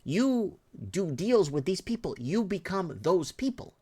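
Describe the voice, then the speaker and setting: A man's voice: high-pitched, big pitch swings, unhurried, dark tone, husky. A middle-aged man, commenting in an impassioned rant, indignant and heated with frequent restarts. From Canada.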